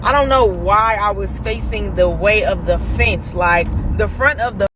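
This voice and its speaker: A young woman telling a personal story in casual, animated, slang-heavy talk. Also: mid-range voice, unhurried, background noise.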